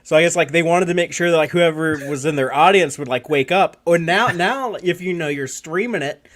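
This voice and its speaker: A jokey man co-hosting a casual live stream. He rambles through his stories with plenty of filler. His voice sits a bit higher than most men's. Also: brisk, a bit bright. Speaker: podcast co-host.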